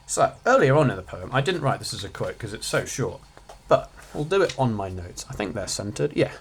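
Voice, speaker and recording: A man's voice: mid-range voice, sing-song, brisk, husky. A teenage boy, giving a casual, offhand revision lesson with jokey asides. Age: teens. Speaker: student revising on his channel.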